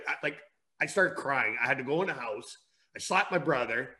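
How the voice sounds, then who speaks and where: Man, bright voice, laid-back storytelling, swears and laughs. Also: a little high, lively intonation, a little fast. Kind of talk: casual storytelling chat.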